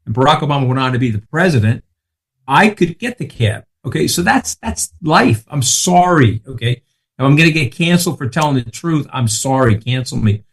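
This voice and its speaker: This sixty-something Long Islander has a medium-pitched, slightly rough voice with lively intonation, and he talks briskly. As a podcast guest in casual conversation, he tells stories brashly and emphatically, cursing without restraint.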